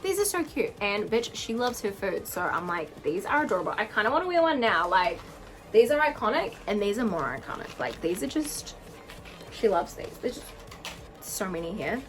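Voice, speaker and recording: A young woman in her twenties unboxing earrings on a casual vlog, gushing and gasping with excitement. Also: mid-range voice, normal speed, faint music behind, rough recording. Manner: gushing, excitable, gasps and squeals often. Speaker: vlogger unboxing jewellery. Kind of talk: casual chat to camera.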